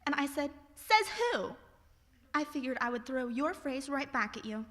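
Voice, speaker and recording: A young woman with a fairly high voice reads her own poetry and a short story aloud before an audience. Between pieces she slips in wry, self-mocking remarks. Her voice carries a long reverb from a large hall. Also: steady tone, a little fast, fairly bright tone. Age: young adult. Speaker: student reader. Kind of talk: reading her own poems and stories aloud.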